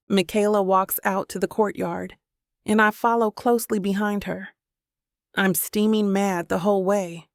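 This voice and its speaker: A woman narrating a romance audiobook in the first person, with steady, even storytelling. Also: mid-range voice, vocal fry, no room sound, clean studio sound.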